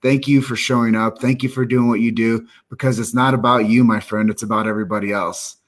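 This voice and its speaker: A man with a medium-pitched voice and flat delivery talks a little fast while hosting a casual live-stream chat. As the live show host, he addresses viewers directly in an earnest, upbeat way.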